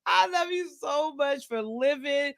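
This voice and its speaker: A woman's voice: sits high, measured pace, creaky, dry recording. A woman hosting a casual livestream chat, teasing her guests and laughing often. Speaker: livestream host.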